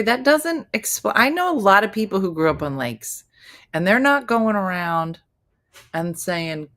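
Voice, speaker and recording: A woman's voice: on the low side, bright, forceful tone. A woman in her fifties hosting a casual live chat, reading viewer comments in a chatty, teasing, playfully incredulous way. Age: 50s. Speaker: host.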